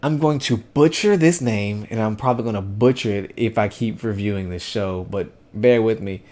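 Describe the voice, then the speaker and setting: A man's voice: on the low side, moderate pace. A man giving a casual first-impressions anime review, loose and rambling with lots of fillers and restarts. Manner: chatty, animated.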